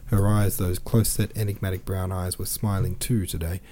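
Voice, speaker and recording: A man reading a classic novel aloud for a podcast, with quick asides of his own between passages. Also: low voice, flat delivery, dark tone. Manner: reads with quoted dialogue and brief asides. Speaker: podcast reader.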